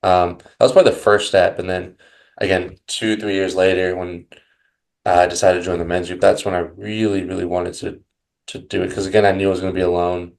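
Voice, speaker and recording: A young man appearing as a podcast guest, reflecting aloud with a very deep voice that has lots of gravelly fry. He speaks haltingly, restarting thoughts and softening them with casual fillers. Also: level tone. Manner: halting, full of restarts and hedges like kinda and you know.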